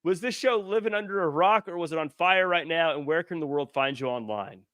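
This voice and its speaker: A man's voice: fairly high pitch, fairly quick, fairly bright tone, smooth, dry recording, studio quality. A man hosting a podcast in casual chat, joking and reading viewer comments aloud into a headset mic. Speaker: podcast host.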